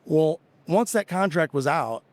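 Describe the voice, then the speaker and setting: A man's voice: a little high, expressive, measured pace, no room sound. A middle-aged American man, a business founder, casually telling rambling stories with quoted dialogue in a podcast interview. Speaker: guest, tool company founder.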